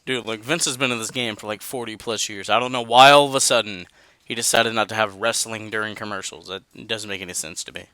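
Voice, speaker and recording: A podcast host with a voice on the low side, bright and forceful, runs a casual wrestling show at a quick pace with fairly even intonation. He reads out match results and chats in a laid-back way, calling people "dude" and "man." There is no echo.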